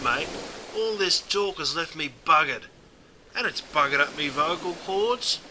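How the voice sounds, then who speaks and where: Over a noisy background, a man with a high voice plays a larrikin Aussie character. Explaining slang, he banters in a broad, slangy Australian drawl and says "mate" constantly.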